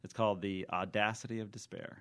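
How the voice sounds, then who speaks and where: A man co-hosting a podcast in casual chat, joking and halting, with many fillers and restarts. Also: on the low side, little pitch movement, clear, resonant tone. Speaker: podcast co-host.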